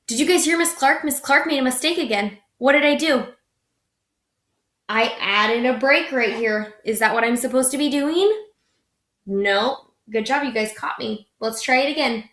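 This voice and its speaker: A young woman teaching young children a phonics lesson, slow and encouraging, stretching out each sound. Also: a little high, a bit bright, echoey room.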